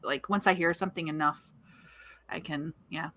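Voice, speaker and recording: Bright-voiced American woman hosting a livestream. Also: deep voice, dry recording. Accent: American, Maryland. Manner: chatty, self-deprecating, quick asides. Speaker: livestream host. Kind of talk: casual livestream chat.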